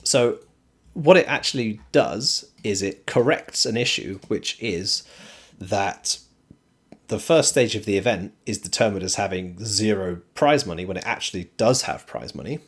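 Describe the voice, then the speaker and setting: Low-voiced man explaining esports rankings. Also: measured pace, husky. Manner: explanatory, steady, frequent ums. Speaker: streamer host. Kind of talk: casual esports commentary.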